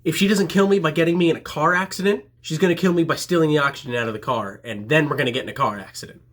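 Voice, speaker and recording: Man for a comedic story-time vlog, self-mocking delivery, bright slightly husky voice, highish pitch. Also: very fast.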